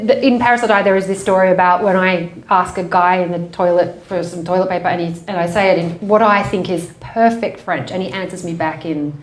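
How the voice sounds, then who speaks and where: A woman with an Australian accent, an author talking casually at a bookshop event, animated and laughing often. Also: lowish voice, fairly quick, few pauses, reverberant. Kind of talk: conversational bookshop talk.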